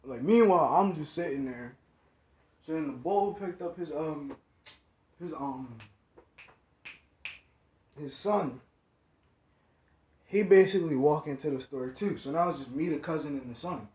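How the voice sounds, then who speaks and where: A man's voice: on the high side, unhurried, long pauses, a little mellow. A young man telling a rambling, slangy story, full of "like" and "you know what I'm saying.". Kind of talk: casual storytime. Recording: echoey room, dull lo-fi sound, faint noise.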